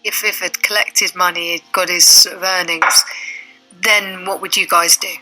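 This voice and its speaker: A woman presenting a documentary, narrating and asking interview questions in a measured, curious way. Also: on the low side, steady tone, bright, forceful tone, soft background music, rough recording. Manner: measured, inquisitive.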